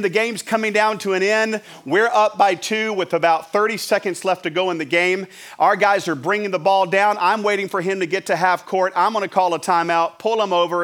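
A middle-aged male pastor preaches with a slightly higher voice than most men. He tells his story with lively, animated delivery and now and then acts out his own shouting. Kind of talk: sermon storytelling.

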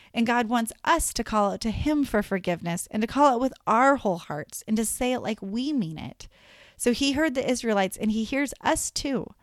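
A young woman telling a Bible story to children, friendly and animated, with chatty asides. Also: on the high side, no echo, studio quality. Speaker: children's Bible lesson teacher. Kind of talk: Bible story lesson for kids.

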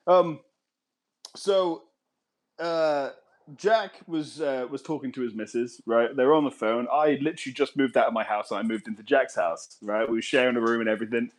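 A man's voice: mid-range voice, normal speed. A young man telling a story in casual podcast chat, swearing and laughing often. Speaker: podcast guest.

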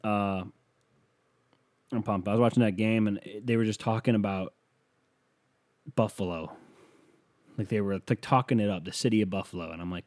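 A man with a lowish, mellow voice rants through a casual solo podcast. He rambles, swears freely and keeps cutting himself off mid-thought. The sound is dry and close, with no room around it. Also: fairly even intonation, moderate pace, long pauses, dry recording. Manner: rambling, profane, self-interrupting. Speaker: podcast host.

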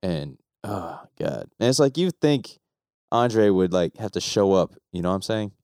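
A man's voice: sits low, big pitch swings, moderate pace, a little mellow, clean tone, no room sound, studio quality. A man co-hosting a podcast in casual chat, laid-back and cursing freely. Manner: laid-back, swears freely, laughs often. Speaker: podcast co-host.

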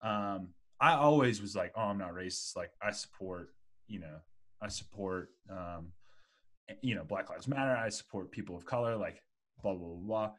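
A man's voice: sits low, moderate pace. A man in his twenties hosting a casual podcast chat, rambling with lots of "like" and "you know". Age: 20s.

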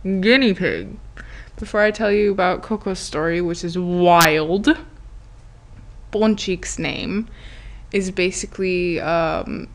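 A woman's voice: lowish voice, takes it slowly. A woman hosting a podcast, telling a story in a chatty, giggly way, full of "like" and acted-out quotes. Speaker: podcast host. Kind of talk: casual storytelling monologue.

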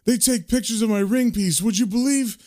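A man voicing a cheeky, crude old male hospital patient who tells his stories in a raised, lively way. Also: high-pitched, a little fast, pitched above the performer's own voice, lightly acted. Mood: indignant.

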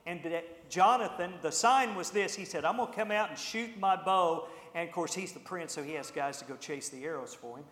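Animated man preaching in an echoey hall. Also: on the high side, brisk, few pauses. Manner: animated, acts out the characters' lines. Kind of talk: storytelling sermon. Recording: echoey hall with long reverb.

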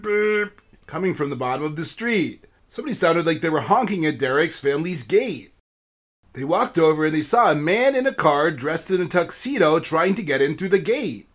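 A man narrating a children's story in a steady storytelling manner. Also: fairly high pitch.

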